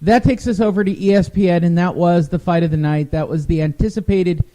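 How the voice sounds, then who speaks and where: A man's voice: high voice, fast, warm tone. A man co-hosting a casual sports talk show, recapping fights in a wry, rambling way. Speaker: podcast co-host.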